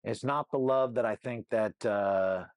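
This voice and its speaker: A man's voice: lowish voice, measured pace, no echo. A middle-aged man speaking as an interview guest, telling his story candidly and rambling with lots of "you know what I mean" asides.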